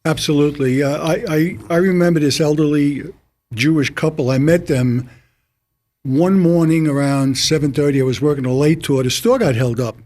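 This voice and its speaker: A man's voice: a little high, fairly even intonation, normal speed, a little mellow. An older man, a retired police officer, on a studio panel, telling long stories with many restarts. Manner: rambling anecdotal storytelling, many restarts. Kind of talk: panel discussion on community TV.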